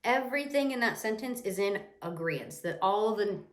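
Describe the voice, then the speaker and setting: A young woman teaches in a casual, lively way, chatting to her viewers. Her voice sits at a middle pitch. The room around her adds a clear echo. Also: moderate pace. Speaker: Spanish teacher. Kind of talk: casual explanatory lesson. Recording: echoey room.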